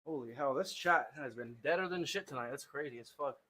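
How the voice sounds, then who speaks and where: A man's voice: medium pitch, a little fast, pushed and bright. A man livestreaming from his home gym, tired and winded from lifting, rambling and joking with his chat between sets.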